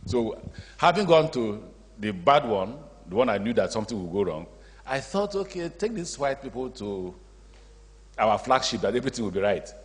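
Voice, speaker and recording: A man's voice: medium pitch, moderate pace. A man with a Nigerian accent giving a public speech as a state governor, telling stories and acting out the dialogue. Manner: storytelling, acts out dialogue, animated asides. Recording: long hall reverb.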